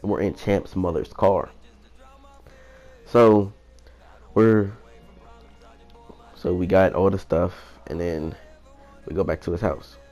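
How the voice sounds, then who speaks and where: A young man with a very low, deep voice tells a personal story in a casual, rambling way. He swears freely and retells the events with animated energy. Faint music plays quietly behind him. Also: slow pace, long pauses, dull audio. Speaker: vlogger.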